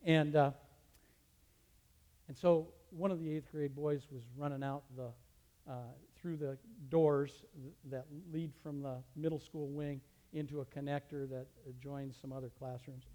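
A man, a teacher, telling a personal story as a testimony, animated and with his voice rising sharply in the retold scenes. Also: on the high side, unhurried. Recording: long reverb of a large hall.

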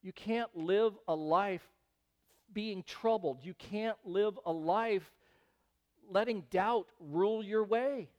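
Man preaching, high voice, smooth and clear, animated, loud emphatic bursts. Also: slow. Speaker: pastor. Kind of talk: sermon.

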